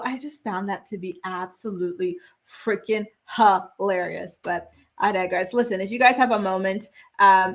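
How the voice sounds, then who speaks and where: A young woman hosting a pop culture gossip show, chatting casually and reading viewer comments with sassy, animated reactions. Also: medium pitch. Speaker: host.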